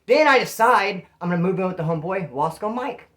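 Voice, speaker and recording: A man from Bakersfield, California, telling a prison story in casual, animated street slang. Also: high-pitched, a little fast.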